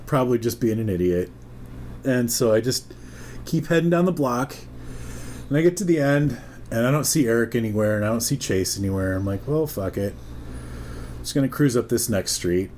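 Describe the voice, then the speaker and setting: A man's voice: medium pitch, brisk, a little hiss or hum. A man telling a long story in a casual chat, swearing freely and acting out the voices of the people in it. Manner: profane, animated, acts out the voices of people in his story. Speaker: podcast co-host telling a story.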